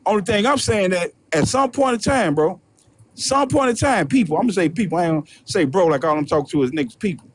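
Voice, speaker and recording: High-voiced man ranting profanely. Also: animated, fast talker, hardly any pauses. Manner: heated, profane, repetitive. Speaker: host.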